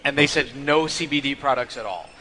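A man's voice: medium pitch, a little fast, big-room sound, over a noisy crowd. A man hosting a casual chat, asking short follow-up questions.

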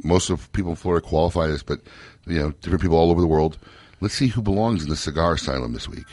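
A man's voice: low-pitched, rapid-fire, a little mellow. A man hosting a casual radio talk show, joking, laughing often and telling stories with energy. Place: radio studio.

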